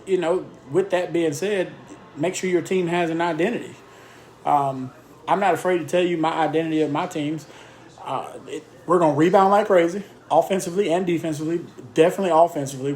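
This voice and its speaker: A man's voice: a little high, a little mellow. Emphatic man coaching basketball. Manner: emphatic, repetitive drill-style lists; speaks in short punchy phrases. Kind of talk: casual coaching talk.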